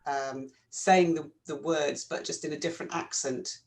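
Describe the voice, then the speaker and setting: A woman's voice: sits low, steady tone, normal speed. Reflective woman explaining in a therapy chat. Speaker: co-host, therapist.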